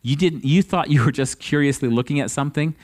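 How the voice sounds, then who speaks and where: A man's voice: fairly high pitch, quick pace, darkish tone. Earnest male pastor preaching. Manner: earnest, with restarts and rising emphasis on questions. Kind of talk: sermon. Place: church service.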